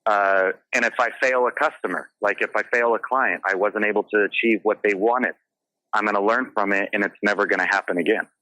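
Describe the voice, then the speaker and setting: A man speaks with a bright, forceful tone. He tells his stories earnestly and passionately. The recording is dry and close to the mic. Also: on the low side, steady tone, a little fast, dry recording, rough recording. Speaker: guest, realtor. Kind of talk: casual interview talk.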